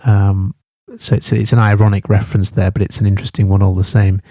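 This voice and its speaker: A man's voice: on the low side, flat delivery, quick pace, warm tone, dry recording, studio quality. A man teaching a study guide, thinking aloud with many fillers and restarts.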